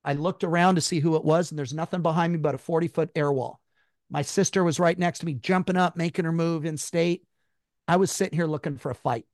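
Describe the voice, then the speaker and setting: A man, a guest in an interview, telling a personal story in an emphatic, high-strung way and swearing freely. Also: fairly even intonation, brisk, a little mellow, no room sound, studio quality.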